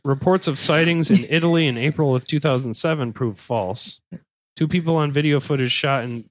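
A young adult man hosting a podcast, telling a crime story in a relaxed, jokey way and correcting himself as he goes. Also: on the high side, a little fast. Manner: relaxed, swearing, jokey asides, self-correcting. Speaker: podcast host. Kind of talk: casual true-crime storytelling.

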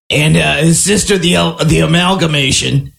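A man's voice: a little high, vocal fry, full character voice. A man doing a rowdy party-bro Jersey Devil. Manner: shouting, boastful party-bro talk. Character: loud bro-ish male Jersey Devil at a bar.

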